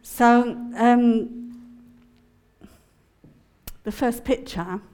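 A woman's voice: fairly high pitch, steady tone, very slow, mellow, clean tone. A middle-aged woman gives an emotional, testimony-style sermon at a prayer conference, often laughing as she speaks.

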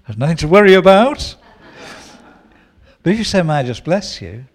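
A man preaching a sermon, teaching with lively quoted prayers and asides. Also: a little high, a little fast, long pauses. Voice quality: gravelly.

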